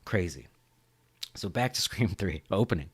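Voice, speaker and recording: Give me a man who hosts a podcast, casually recapping a movie with profanity and lively pitch. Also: moderate pace, breathy edge, dry recording. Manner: animated, profane, rambling. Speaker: podcast host.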